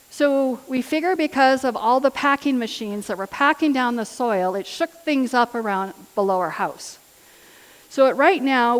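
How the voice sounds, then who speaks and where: A woman giving a sermon in an earnest, personal storytelling manner. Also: a little high. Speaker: lay preacher. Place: church hall. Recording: church hall with long reverb.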